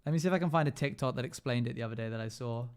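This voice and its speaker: A man's voice: medium pitch, very fast, smooth. Rambling, self-amused young man streaming. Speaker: live streamer. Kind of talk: casual gaming stream chatter.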